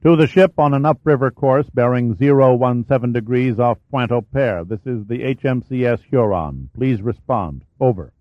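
A man's voice: mid-range voice, normal speed, few pauses, no room sound, natural voice. A man voicing a stern destroyer captain making clipped radio calls. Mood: commanding. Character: stern male destroyer captain giving commands. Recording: dry, slightly dull recording.

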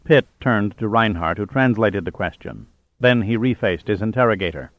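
A man narrating an audiobook in a steady, even storytelling manner. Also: fairly low pitch, moderate pace, dry recording, phone-quality sound. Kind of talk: scripted narration.

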